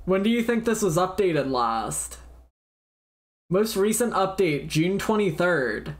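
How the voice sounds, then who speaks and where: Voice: medium pitch, animated, takes it slowly. A livestreamer chatting casually while browsing the web, rambling and easily distracted, laughing often and swearing now and then.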